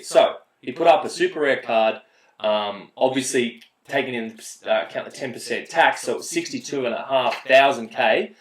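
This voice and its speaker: A man's voice: medium pitch, normal speed, roomy sound, poor audio. An Australian man hosting casual gameplay commentary, talking bluntly and swearing freely as he rants. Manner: blunt, profane, ranting. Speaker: mobile game player and channel host.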